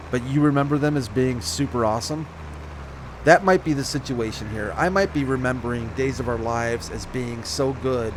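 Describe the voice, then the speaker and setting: A man's voice: mid-range voice, noisy background. A man chatting casually over his farming game, rambling and correcting himself as he goes. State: slight hiccups. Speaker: gaming channel host. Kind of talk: casual let's-play commentary.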